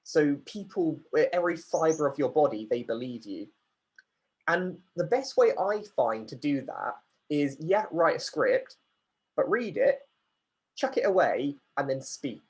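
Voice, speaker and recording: A man's voice: fairly high pitch, big pitch swings, unhurried, a little mellow, husky. A man running an online workshop, chatty, reading out questions from the chat and answering them. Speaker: workshop facilitator.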